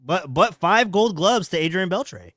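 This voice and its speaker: A man's voice: sits high, lively intonation, a little slow, fairly bright tone, no echo, clean studio sound. A man co-hosting a casual sports podcast, rambling and restarting as he thinks aloud. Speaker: podcast co-host.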